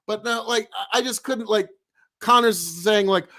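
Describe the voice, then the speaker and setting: A male streamer talks live to his chat in a rambling, emphatic way, circling back and repeating his points for weight. His voice sits a bit higher than most men's. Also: slow, bright, forceful tone.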